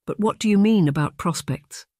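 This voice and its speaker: A man voicing a gentle, anxious young governess who speaks quietly and politely in an audiobook. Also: high voice, normal speed, no room sound, studio quality, pitched above the performer's own voice, lightly acted. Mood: earnest.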